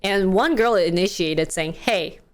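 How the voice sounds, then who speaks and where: Woman vlogger telling a story, slow and chatty, quoting people with lots of likes and laughs. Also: mid-range voice, expressive, faint music behind. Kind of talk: casual storytelling commentary.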